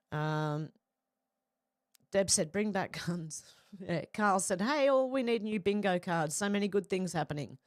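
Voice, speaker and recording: Australian woman, live-stream host, a bit low, dry close sound, casual and slangy. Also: no echo. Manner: chatty, slangy, reads viewer comments in a run. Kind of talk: casual live stream, reading comments aloud.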